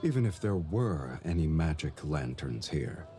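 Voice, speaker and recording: A suave, aloof nobleman from a fantasy game, his voice very deep and dark. He speaks slowly and coolly, sneering at his surroundings with quiet disdain. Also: sing-song, soft background music, full character voice. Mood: disdainful. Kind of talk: game voice acting.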